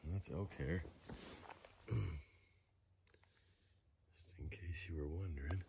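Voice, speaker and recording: A middle-aged man vlogging outdoors on a forested slope, talking into a handheld camera in a rambling, halting way full of fillers. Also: deep voice, background noise. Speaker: outdoor vlogger hunting moose antler sheds. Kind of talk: casual hiking vlog to camera.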